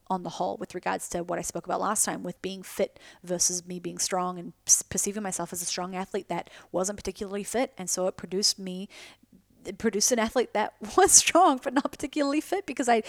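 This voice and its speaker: A woman hosts her own podcast alone, talking casually and frankly with plenty of swearing and self-mocking asides. Her mid-pitched voice carries a gravelly fry, and the recording is dry and close. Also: no room sound. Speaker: podcast host. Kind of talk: casual solo podcast talk.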